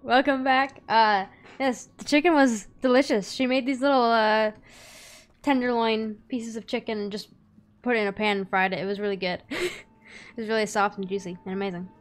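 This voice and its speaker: A woman's voice: a little high, fairly even intonation, moderate pace. A woman hosting a gaming video in a chatty, giggly way, rambling as she plays. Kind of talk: casual let's-play commentary.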